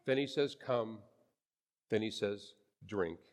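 A man's voice: lowish voice, slow. Pastor guy giving an earnest emphatic sermon, repeats himself a lot, reverb-y church hall sound.

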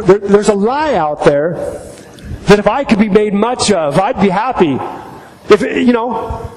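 A man preaching a sermon, emphatic, often repeating his key phrases. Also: very high voice. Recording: echoey hall, faint background noise.

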